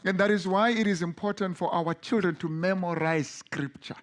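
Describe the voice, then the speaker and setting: A man with a somewhat high voice delivering a sermon. He speaks earnestly and with emphasis, often stumbling and restarting his words as he presses a point. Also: steady tone, moderate pace. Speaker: preacher.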